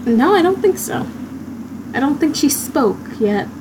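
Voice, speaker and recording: Slow-talking giggly woman co-host. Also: high-pitched, very animated, darkish tone, a little hiss or hum, rough recording. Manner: giggly, hesitant banter. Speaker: podcast co-host. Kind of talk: casual comedic chat.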